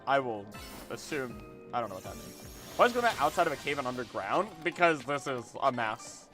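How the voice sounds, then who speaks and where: A streamer in his twenties, mid-range and very animated, talks briskly to his chat during a casual gameplay stream with soft music behind him. He rambles and repeats words as things happen in the game.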